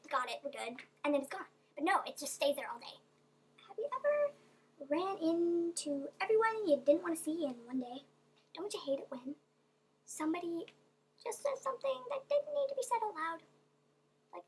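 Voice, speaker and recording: A woman's voice: extremely high pitch, slight background noise. A young woman vlogging to camera in a rambling, chatty way, sometimes dropping to whispered asides. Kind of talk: casual monologue to camera.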